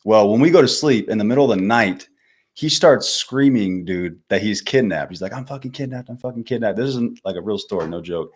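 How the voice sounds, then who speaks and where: Speaking at normal speed in a lowish voice, this Californian guy in his twenties guests on a podcast for a casual storytelling interview. His delivery is relaxed and full of slang, and he keeps addressing the host as "man" and "bro."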